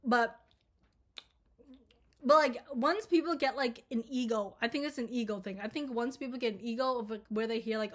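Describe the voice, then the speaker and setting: A young woman from Minnesota rants through a storytime to her camera, her voice sitting a little high. She rambles, swears freely and leans on filler words as she talks things through at home. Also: fairly even intonation, brisk. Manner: rambling, profane, filler-heavy with lots of "like". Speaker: storytime vlogger. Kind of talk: casual storytime rant.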